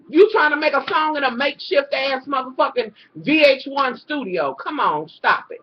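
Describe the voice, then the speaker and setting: A woman's voice: high-pitched, normal speed, hardly any pauses. A woman recapping a reality show in a profane, casual rant, talking straight to her viewers and swearing constantly. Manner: animated, exasperated, swears constantly, talks to viewers as y'all. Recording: dull lo-fi home recording.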